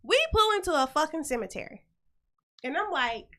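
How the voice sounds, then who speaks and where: High, bright-voiced woman telling a story. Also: a little fast. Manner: animated, profane and blunt. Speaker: host. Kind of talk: casual storytelling chat.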